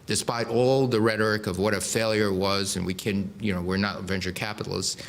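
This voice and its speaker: A man's voice: on the low side, flat delivery, fairly quick, creaky. A man in his sixties giving a public lecture from a podium to an audience, explaining with dry humor and frequent restarts. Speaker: guest speaker. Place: lecture hall before a live audience.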